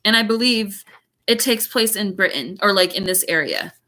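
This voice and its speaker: A woman's voice: medium pitch, moderate pace, bright, forceful tone. A woman teacher reading a chapter book aloud, breaking off for chatty, giggly asides.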